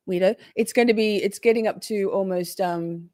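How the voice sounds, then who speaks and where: A woman's voice: medium pitch, normal speed, darkish tone, dry recording. An Australian woman hosting a livestream, chatting casually and reading viewer comments aloud with frequent laughs. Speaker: livestream host.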